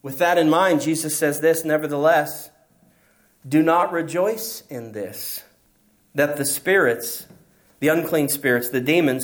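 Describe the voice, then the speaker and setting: A man preaching a sermon as pastor, emphatic and asking his listeners rhetorical questions. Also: fairly high pitch.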